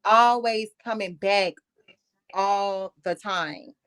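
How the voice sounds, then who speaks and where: A woman's voice: medium pitch, very slow, fairly bright tone, clean tone. A woman hosting a casual live-stream chat, rambling with many fillers. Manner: rambling, filler-heavy talk. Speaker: host.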